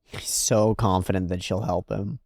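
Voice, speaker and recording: Man, low voice, casual reaction commentary, animated, swearing, dry. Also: moderate pace, creaky, no room sound. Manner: animated, swearing, swings between loud and hushed. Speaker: reaction video host.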